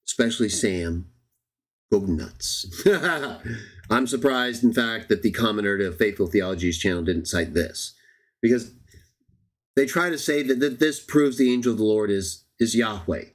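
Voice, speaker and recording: A man's voice: on the low side, a little slow. A man hosting a live-streamed Bible study, reading verses aloud and arguing his point with rhetorical questions to the viewers. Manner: argumentative, addresses viewers as everybody, rhetorical questions.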